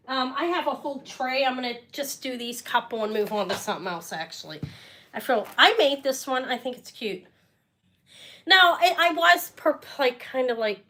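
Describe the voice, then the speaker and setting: A woman's voice: high-pitched, fairly bright tone. A middle-aged woman selling jewelry on a live stream, chatting casually and rambling with muttered asides. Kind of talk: casual live sales chat.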